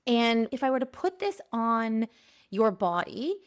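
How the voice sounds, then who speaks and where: On her podcast, a Pennsylvania woman offers a spiritual energy forecast as a monologue. Her slightly high, sing-song voice sounds clear and resonant, and she keeps things playful, laughing a lot and slowing down to draw out important phrases.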